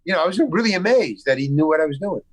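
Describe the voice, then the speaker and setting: A man's voice: on the high side, expressive, rapid-fire, dry recording, low-quality recording. A man from the United States, a guest actor on a video call, telling a rambling anecdote with frequent restarts and stammers. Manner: acts out quoted dialogue in the story. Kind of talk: casual anecdote storytelling.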